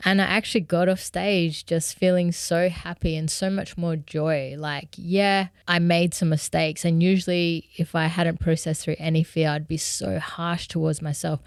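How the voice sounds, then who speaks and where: A young woman talks through a personal story in an earnest, candid way, with fillers like "you know" sprinkled throughout. Her voice sits low and sounds smooth and clear. The recording is close and dry, with no room sound. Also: little pitch movement, normal speed, few pauses, dry recording. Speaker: musician vlogger.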